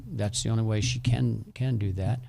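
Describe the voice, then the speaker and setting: Gravelly middle-aged man, halting speech. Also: lowish voice, steady tone, warm tone. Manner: halting, repeats words while explaining. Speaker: track and field coach. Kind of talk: radio interview. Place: radio studio.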